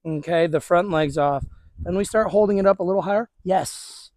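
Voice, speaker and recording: A man's voice: high voice, normal speed, a little mellow, no room sound. A man working as a dog trainer, casually talking viewers through a hands-on demonstration with his dog outdoors.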